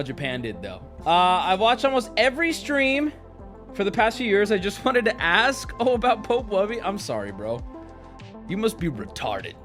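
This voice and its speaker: A jet-lagged man hosting a casual livestream chat, rambling and swearing as he talks. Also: high-pitched. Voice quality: animated, profane, rambling. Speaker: streamer host.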